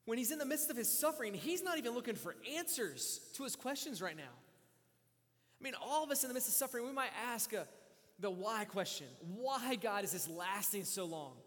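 A man preaching a sermon with passion, voicing a psalmist's pleas, moving between quiet, drawn-out lines and loud, urgent ones. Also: extremely high pitch, animated, long reverb tail. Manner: impassioned, swings from hushed to loud. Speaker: pastor.

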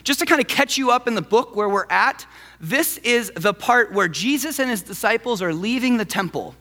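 Brief: male pastor, lively, high-pitched, chatty sermon in a reverberant church. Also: moderate pace. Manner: animated, conversational preaching.

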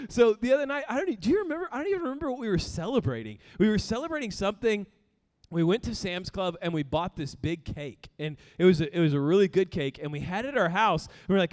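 High-voiced animated male pastor. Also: brisk. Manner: animated storytelling with laughs and sudden shouts. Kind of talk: sermon. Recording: long hall reverb.

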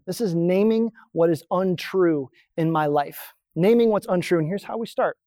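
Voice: medium pitch, normal speed, hardly any pauses, warm tone, no echo, clean studio sound. A pastor giving a conversational sermon, explaining points on a drawn diagram and asking the listeners rhetorical questions.

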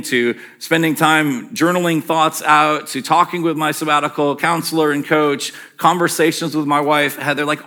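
A man with a somewhat high voice giving a sermon from a church stage, his tone chatty and self-deprecating. He drifts between asides and verse readings, often dropping to a quiet, slow delivery. The mic catches him clearly. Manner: conversational, self-deprecating, with frequent fillers. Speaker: pastor. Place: church sanctuary.

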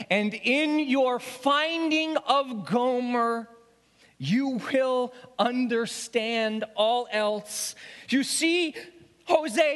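A man voicing God, who speaks gently but firmly, in a sermon retelling. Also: very high-pitched, voice pushed up, exaggerated voice. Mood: gentle. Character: God, calm commanding divine voice. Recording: long hall reverb.

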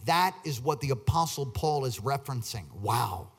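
A man preaching a sermon, asking the congregation questions and swinging between quiet asides and loud, emphatic bursts. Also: medium pitch, expressive, moderate pace, hardly any pauses, breathy edge. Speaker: pastor.

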